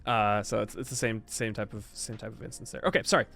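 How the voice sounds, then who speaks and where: A man's voice: fairly low pitch, steady tone, quick pace, gravelly, a bit bright, faint music behind. A man streaming live, chatting casually and reacting to his chat as he reviews a game patch, rambling and stop-start, sometimes insistent.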